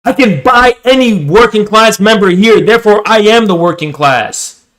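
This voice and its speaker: A man voicing a stubborn, drawling rural working-class man who talks slowly and dismissively. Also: sits high, expressive, fairly bright tone. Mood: scoffing, stubborn. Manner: folksy dismissive drawl, slow.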